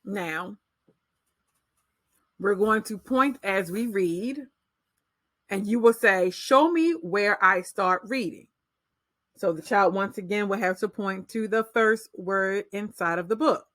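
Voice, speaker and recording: A woman teacher walks parents through reading skills at a measured, deliberate pace. Her voice sits in a middle pitch. The sound is close and dry, with no room around it. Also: dry recording. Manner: slow, deliberate modeling of read-aloud pacing. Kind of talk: instructional explanation for parents.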